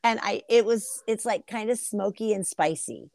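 A middle-aged woman co-hosting a casual podcast chat, rambling and animated as she tells stories. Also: medium pitch, normal speed, creaky, dry recording. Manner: chatty, rambling, animated storyteller. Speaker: podcast co-host.

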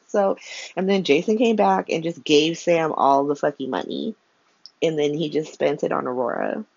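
A woman talks through a soap opera recap from her room in a candid, exasperated way, full of "like" and casual swearing. Her voice sits a little low. The recording is dry and a bit dull, close and without room sound. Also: vocal fry, a little mellow, husky, no echo. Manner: candid, exasperated, profane, lots of "like". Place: home room by a window.

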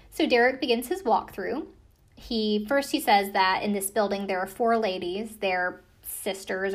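A young American woman giving a casual, skeptical recap with a sarcastic edge and lots of fillers. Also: medium pitch. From United States. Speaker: commentator recapping a ghost-hunting show. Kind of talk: casual chat.

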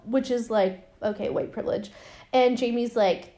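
A woman's voice: a little high, normal speed, darkish tone. Young woman, casual comedic movie-recap host, chatty, profane, acts out quotes. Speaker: podcast host recapping a film.

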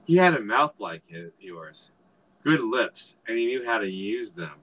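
A man voicing a seductive female vampire in a low, hushed, teasing tone. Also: very animated, unhurried, lo-fi sound, exaggerated voice. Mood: sultry.

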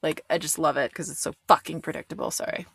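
A woman's voice: low voice, quick pace, vocal fry, a bit bright, husky. Blunt, swearing woman recapping a show. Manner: blunt and swearing, full of fillers. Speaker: reaction commentator. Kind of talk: casual recap commentary.

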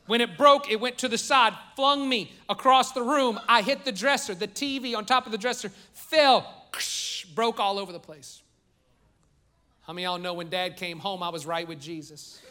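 Animated, bright-voiced pastor preaching. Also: male voice, sits high, normal speed. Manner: animated storytelling, joking with the congregation. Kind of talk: sermon. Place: church sanctuary.

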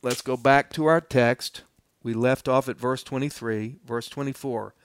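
A man's voice: mid-range voice, fairly even intonation, a little slow, clear, resonant tone, no echo, studio quality. A male pastor giving a verse-by-verse Bible teaching, speaking earnestly and plainly to his listeners. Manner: earnest, addresses listeners directly; plainspoken and explanatory.

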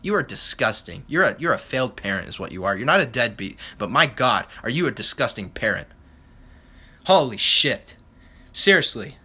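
Young man, solo podcast rant, angry and profane, sharp bright voice. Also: mid-range voice, very animated, normal speed, husky. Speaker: podcast host.

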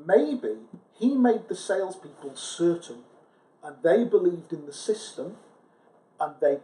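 A man's voice: fairly high pitch, darkish tone. A man co-hosting a casual chat, thinking aloud in a reflective way with frequent restarts. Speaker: podcast co-host, sales recruiter. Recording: echoey room.

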